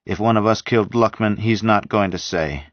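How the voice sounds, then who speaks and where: A man voicing a brisk, take-charge group leader in an audiobook reading, with a clipped, businesslike manner and raised voice. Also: fairly low pitch, no echo, voice pushed up, lightly acted. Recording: dull dry lo-fi sound.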